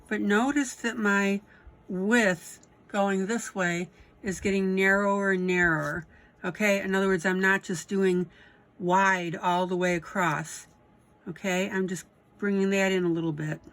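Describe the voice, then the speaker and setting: A woman's voice: medium pitch, fairly even intonation, moderate pace. Woman teaching coloring, checking in often. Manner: encouraging, checks in with frequent "okay?" and "right?". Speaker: coloring instructor. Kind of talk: step-by-step coloring tutorial.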